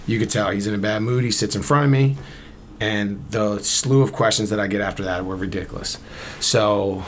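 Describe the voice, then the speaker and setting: A man's voice: on the low side, fairly even intonation, normal speed, slight background noise. A man in his thirties from Camden, New Jersey, a podcast guest casually telling a long story and acting out both sides of the conversation. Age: 30s.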